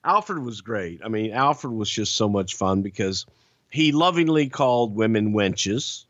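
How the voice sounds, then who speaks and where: This podcast host speaks a little slowly in a fairly low voice, spinning casual stories full of swearing and laughs with plenty of animation. It's a dry, lo-fi recording.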